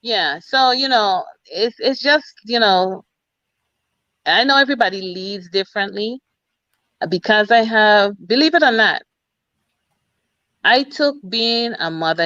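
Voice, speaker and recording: A woman's voice: mid-range voice, bright, forceful tone, no echo. Middle-aged woman, Virgin Islands accent, emphatic storyteller, interview guest over a video call, dry and muffled sound. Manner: emphatic, repeats "you know" and "you understand". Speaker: guest, military officer.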